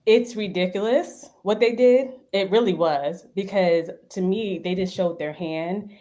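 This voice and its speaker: A woman's voice: mid-range voice, measured pace. A woman chatting casually as a co-host, thinking aloud as she makes her point. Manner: conversational, thinks out loud. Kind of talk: casual chat.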